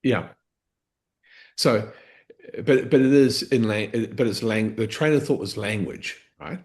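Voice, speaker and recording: A man's voice: fairly low pitch, slow, a little mellow. A man coaching a live training session, explaining step by step, restarting phrases and checking in with "okay?".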